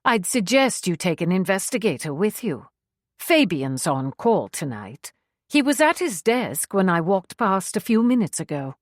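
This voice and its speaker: A woman's voice: mid-range voice, sing-song, a little slow, no echo, clean studio sound. A woman voicing an officious older secretary from London, prim and lecturing, with a London accent.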